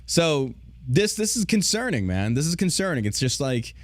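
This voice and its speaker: A man's voice: on the high side, very animated, normal speed, no room sound. A man hosting a podcast, ranting in casual, profane, sarcastic commentary. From United States. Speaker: podcast host.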